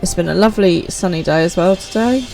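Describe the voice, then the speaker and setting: A woman's voice: fairly low pitch, brisk, creaky, a little mellow, faint music behind. A woman, chatting upbeat with viewers while streaming a game live.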